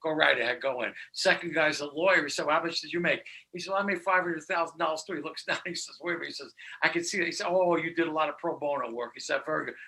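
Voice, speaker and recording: A man's voice: fairly high pitch, rapid-fire, vocal fry, few pauses, bright, forceful tone, low-quality recording. A man from a visiting band chatting casually on a livestream and telling a joke. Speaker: band member.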